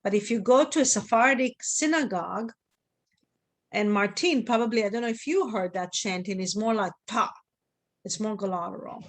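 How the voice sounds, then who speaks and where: A woman's voice: mid-range voice, moderate pace. Patient woman teaching a class online, checking on her students. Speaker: Hebrew teacher.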